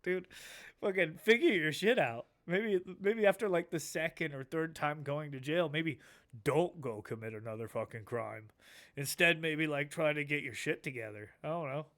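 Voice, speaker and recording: A man's voice: on the high side, normal speed, a bit bright. A man streaming a casual reaction, laid-back, swearing a lot and laughing often.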